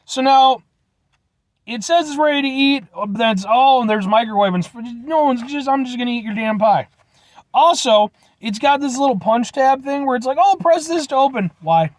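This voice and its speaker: A man hosting a casual food review vlog from inside his truck, playful and animated, talking straight to his viewers. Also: very high voice, moderate pace, no room sound. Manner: animated, playful, keeps addressing viewers as folks.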